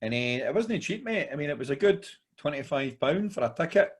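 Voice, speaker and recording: A man's voice: on the high side, expressive, a little fast, breathy edge. Rambling Scottish man telling a story. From Scotland. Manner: rambling storyteller, says mate a lot. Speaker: podcast co-host. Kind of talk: casual chat.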